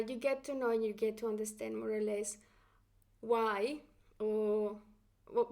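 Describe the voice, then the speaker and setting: A woman teaching Spanish in a patient, encouraging way, her Latin American Spanish accent clear in every phrase. She speaks a touch high, with gravelly fry in her voice, and often pauses on fillers and restarts her sentences. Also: a little mellow. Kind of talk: online language lesson.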